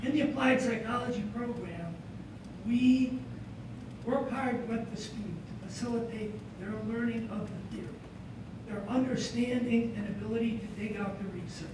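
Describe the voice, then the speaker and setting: A man speaks as a psychology professor introducing a student award, earnest and telling a story. He sounds distant from the mic in a very reverberant hall, with a clear rumble of noise behind him. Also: normal speed. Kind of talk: ceremony presentation speech. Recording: echoey hall from far off, background rumble.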